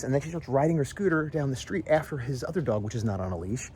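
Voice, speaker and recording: Rambling, animated man venting outdoors. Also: medium pitch, fast talker, slight background noise. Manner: rambling, animated storytelling with mimicked voices. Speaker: vlogger. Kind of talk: casual venting vlog. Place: outdoors in front of a house at dusk.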